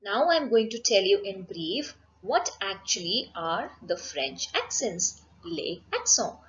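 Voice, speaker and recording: A woman teaching a French lesson, speaking slowly and carefully and repeating each phrase for her students. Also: medium pitch, very animated, fairly bright tone, lo-fi sound. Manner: slow, careful, repeats words. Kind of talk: classroom lesson.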